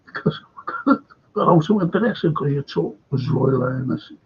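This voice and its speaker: Raspy older Liverpool man, rambling. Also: mid-range voice, lively intonation, normal speed. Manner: rambling anecdotes, sweary. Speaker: podcast host. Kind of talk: casual chat. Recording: dull lo-fi recording.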